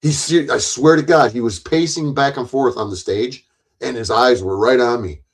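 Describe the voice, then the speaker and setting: A man casually telling a long story in a rambling, profane way, often jumping louder and higher when he acts out quoted lines. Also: normal speed.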